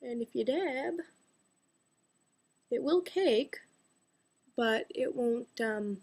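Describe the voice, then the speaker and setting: A woman's voice: a little high, animated, extremely slow, a little mellow, slightly rough. A young woman chatting casually through a makeup tutorial, rambling with self-mocking asides and sometimes dropping to a whisper.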